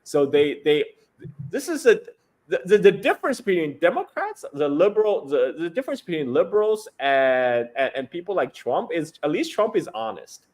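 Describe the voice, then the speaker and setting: A man's voice: on the high side, very animated, moderate pace, darkish tone. A man giving casual political commentary, ranting with many restarts and repeated words; his is not English. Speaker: guest commentator.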